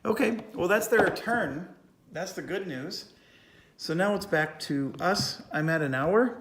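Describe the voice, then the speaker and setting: A man's voice: sits high, expressive, measured pace, background noise. A man talking through a solo board game playthrough, reading rules aloud and thinking through his moves, coughing a little.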